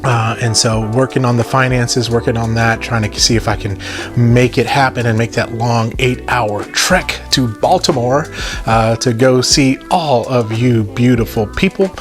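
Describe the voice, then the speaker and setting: A man's voice: medium pitch, unhurried, over music. A man with a Southern accent hosting a toy review channel, talking casually and enthusiastically to viewers with joking asides. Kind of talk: casual vlog chat to viewers.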